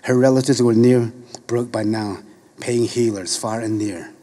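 A middle-aged man reading a story aloud in a slow, measured, solemn way. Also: mid-range voice, fairly even intonation, warm tone.

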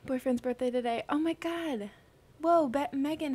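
Young female streamer, slightly high voice, bubbly and gushing, casual livestream chat greeting viewers. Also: moderate pace, darkish tone. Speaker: streamer solving crosswords.

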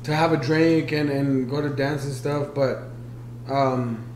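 A man's voice: medium pitch, fairly even intonation, measured pace, a little mellow. Young man, echoey room with faint hum. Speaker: podcast co-host. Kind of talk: casual chat.

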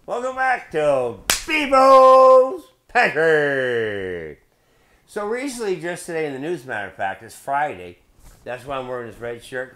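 A man rambles through his own video blog. He swears constantly and drifts into tangents in a loose, beer-drinking delivery, his voice at an ordinary pitch for a man. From Belleville, Illinois. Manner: profane, rambling, goes off on tangents. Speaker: video blogger host. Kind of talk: casual rambling monologue.

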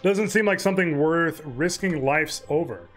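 Guarded young heroine of a fantasy game, voiced plainly by a male streamer, high register. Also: moderate pace, a bit bright, lightly acted. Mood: wary. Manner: read aloud from game text. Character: guarded young woman adventurer.

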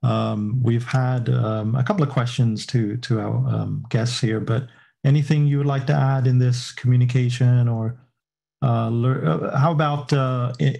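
Gravelly English man moderating a panel. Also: mid-range voice, mellow. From England. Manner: hesitant, many fillers and restarts. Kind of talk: hosting a panel discussion.

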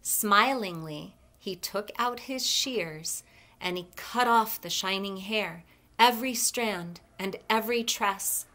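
Brief: library storyteller, woman, measured expressive read-aloud. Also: medium pitch.

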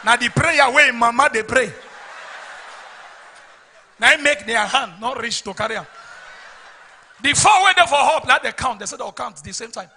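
A young man with a Nigerian accent telling a stand-up story in a lively voice, often laughing. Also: very high-pitched, normal speed, long pauses, a little hiss or hum. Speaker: stand-up comedian.

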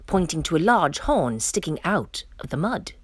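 A woman reading a children's picture book aloud in an expressive, playful way. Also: deep voice, normal speed, slightly rough, no echo. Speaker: storyteller. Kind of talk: children's story read-aloud.

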